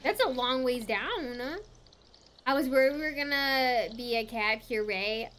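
A woman streamer giving excitable, gasping commentary as she plays a game live and chats to her viewers. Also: high-pitched, unhurried, a little hiss or hum. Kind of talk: live let's play commentary. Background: game music.

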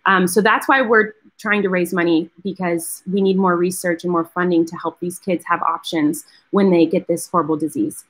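A woman's voice: on the low side, steady tone, moderate pace, few pauses. A woman hosting a live charity fundraiser, talking casually and earnestly to viewers and thanking donors. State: tearful, close to crying. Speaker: host of a charity fundraiser livestream.

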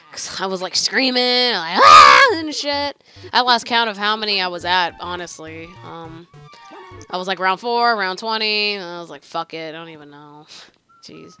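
A young woman giving gameplay commentary into a desk microphone, excitable and quick to swear in bursts of frustration. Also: mid-range voice. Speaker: let's play host.

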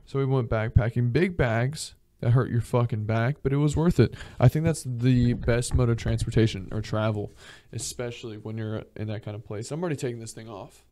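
Male podcast guest, mellow low-bright tone, profane rambling storyteller, dry close sound. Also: a little fast, no room sound. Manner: profane, rambling, acts out voices in his stories. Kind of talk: casual storytelling.

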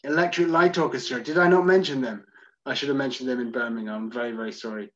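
A man's voice: mid-range voice, fast, dull audio. A man from Scotland hosting an online music tour, chatting loosely as he reads out and answers viewer comments. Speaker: host. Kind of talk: answering live chat questions.

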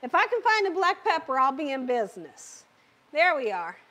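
A woman with a high-pitched, bright, forceful voice and big pitch swings hosts a live cooking stream at normal speed, wearing a microphone. Her voice is a little worn as she chats with viewers, laughs often, and reads their comments aloud.

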